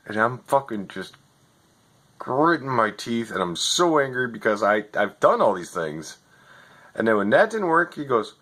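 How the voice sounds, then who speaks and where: A man telling a rant about customer service, exasperated and profane, swinging between loud outbursts and muttering. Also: medium pitch, very animated, moderate pace. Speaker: vlogger. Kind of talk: ranting storytelling.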